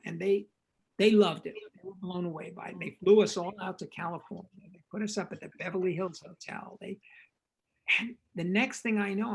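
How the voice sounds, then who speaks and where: Older director as interview guest, husky and gravelly, a lively raconteur who performs each quote. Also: male voice, high voice, rough recording. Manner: lively raconteur, acts out quoted dialogue, frequent repetitions. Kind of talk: animated storytelling anecdote.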